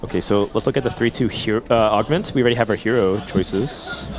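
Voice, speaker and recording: A man casting a live esports match, chatty and quick with asides. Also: lowish voice, music in the background. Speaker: esports caster. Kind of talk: casual live esports commentary.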